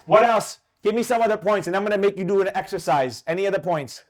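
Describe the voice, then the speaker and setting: A man teaching a live trading class, emphatic and animated, quizzing his students with rapid questions. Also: high voice. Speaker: trading instructor.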